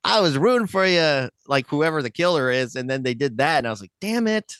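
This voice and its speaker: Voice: medium pitch, fast, a bit bright, smooth, no echo, studio quality. A podcast host giving a blunt, profane movie review in casual chat, laughing often.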